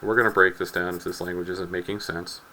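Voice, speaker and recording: A man's voice: low voice, flat delivery, fast talker, sharp tone, slight background noise, poor audio. A man teaching a chemistry lecture in a loose, joking way, rambling into asides and often repeating his words. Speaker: chemistry instructor. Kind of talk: casual recorded lecture.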